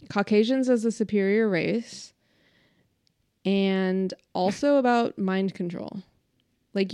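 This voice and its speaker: A woman's voice: mid-range voice, smooth, no echo, studio quality. A woman co-hosting a podcast in casual chat, talkative, laughing often and saying "like" a lot. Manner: chatty, laughing, uses "like" a lot. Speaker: podcast co-host.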